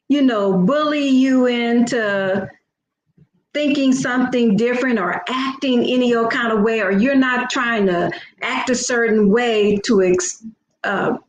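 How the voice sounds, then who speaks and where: A woman host giving an earnest, conversational inspirational talk, often checking in with "okay". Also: on the high side. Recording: echoey room with faint background noise.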